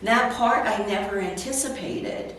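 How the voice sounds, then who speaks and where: A woman's voice: medium pitch, measured pace, a bit bright. A woman in her sixties, a real estate agent, telling her personal story as a guest in an interview, candid and earnest. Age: 60s. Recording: echoey, distant, faint noise.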